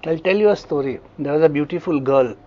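A man's voice: a little high, fast, lo-fi sound. A man with an Indian English accent giving a classroom lecture, telling vivid stories and often checking that students follow. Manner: animated storytelling, frequent check-ins with students. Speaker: homeopathy lecturer.

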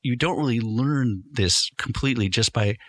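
A man's voice: mid-range voice, moderate pace, a bit bright, no room sound. A man, a guest professor, explaining points in an interview and acting out example sentences as he goes. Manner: lecturing, acts out example sentences.

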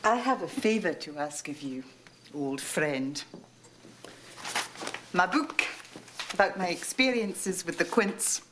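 Low-voiced, wheedling nurse, noisy film audio. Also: female voice, lively intonation, slow, long pauses. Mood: ingratiating.

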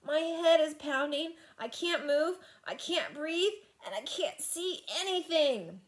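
A woman's voice: sits high, lively intonation, takes it slowly, voice pushed up. A woman voicing a panicky young boy while reading a children's book aloud. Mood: scared. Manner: panicky, dramatic. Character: scared, whiny young boy.

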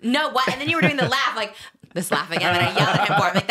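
A woman hosting a podcast, telling a story in a casual, animated way and acting out both sides of an argument. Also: a little high, very fast, a loud crowd. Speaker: podcast host.

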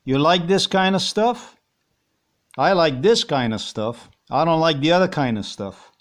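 A man's voice: fairly high pitch, expressive, a little slow. A man with a Slovenian accent rambling and ranting in a monologue, swearing and firing off repeated rhetorical questions. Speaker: vlogger.

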